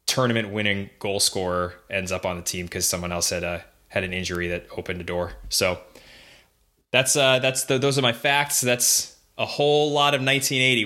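A man co-hosting a casual podcast, his lowish voice bright and forceful. He chats easily and reads out facts with plenty of ums and restarts. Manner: chatty, reads facts aloud with fillers. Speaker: podcast co-host.

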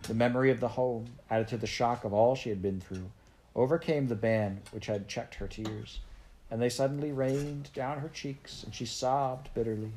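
A woman with a strikingly deep, low voice reads a storybook in a steady, measured manner. A faint hiss runs under the recording. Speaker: narrator. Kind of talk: audiobook narration.

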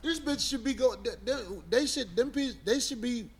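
A man's voice: very high-pitched, normal speed. A man in casual podcast chat, ranting heatedly and swearing.

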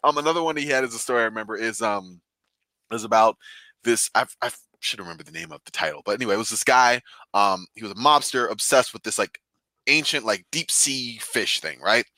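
Excitable rambling man on a video call. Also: fairly low pitch, fairly quick, no room sound, low-quality recording. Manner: excitable, rambling with many fillers. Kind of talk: casual chat, retelling comic stories.

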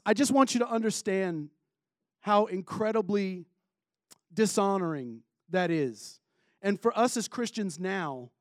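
A man's voice: sits high, no room sound. A man preaching a sermon in a casual way, with joking asides.

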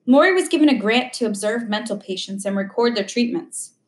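A woman reads a memoir aloud in a slow, measured way. Her voice sits a little high. The recording carries a noticeable room echo. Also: animated. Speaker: audiobook reader. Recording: echoey room.

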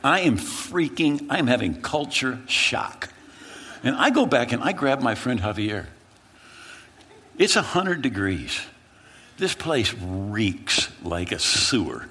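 Lively, husky-voiced male pastor preaching. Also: medium pitch, takes it slowly. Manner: animated, dramatic retelling with repeated phrases. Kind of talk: storytelling sermon.

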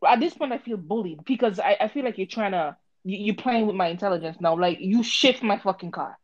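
Animated woman telling a story, harsh voice. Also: medium pitch, a little fast, few pauses, dry recording, muffled recording. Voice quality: harsh-sounding voice. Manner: animated, swearing, acts out both sides of the story. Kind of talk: casual storytelling chat.

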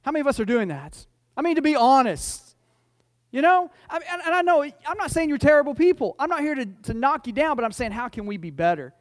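A man's voice: very high-pitched, very animated, fairly quick, no echo, studio quality. A male pastor preaching a conversational sermon in church. He jokes, tells stories, trips over and repeats his words, and builds to emphatic points. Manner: folksy and joking, restarts and repeats words, rising to emphatic points. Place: church sanctuary.

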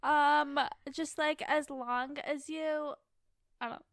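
A woman's voice: high-pitched, steady tone, takes it slowly, fairly bright tone, no echo, studio quality. A young woman co-hosting a podcast in casual chat, giggly and self-conscious, drawing out her phrases. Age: young adult. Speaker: podcast co-host.

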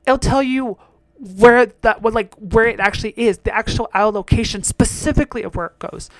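A man's voice: sits high, a little fast, dry recording. Blunt, foul-mouthed young man ranting. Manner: blunt, profane, heated and exasperated. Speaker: solo podcast host. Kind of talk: casual rant monologue.

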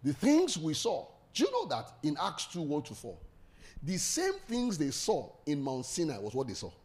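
A man's voice: on the high side, huge pitch swings, moderate pace, darkish tone. A man preaching a sermon, leading call-and-response and laughing often.

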